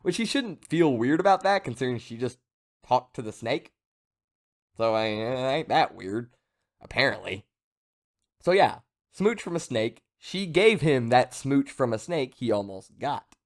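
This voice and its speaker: A young man casually recapping a manga chapter, rambling with joking asides and lots of fillers. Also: medium pitch. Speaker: manga reviewer.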